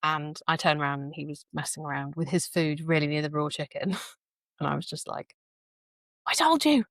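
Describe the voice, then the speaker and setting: A woman's voice: low-pitched, level tone, brisk, a bit bright, no echo, studio quality. A woman in casual podcast conversation, telling reflective stories with frequent laughs. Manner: reflective storytelling, laughs often. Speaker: podcast speaker.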